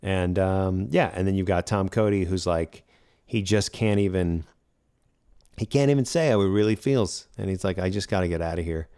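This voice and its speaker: Deep-voiced man chatting about a movie. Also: moderate pace, mellow, clean tone, no room sound, studio quality. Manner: rambling, sweary, jokey. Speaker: podcast co-host. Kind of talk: casual film chat.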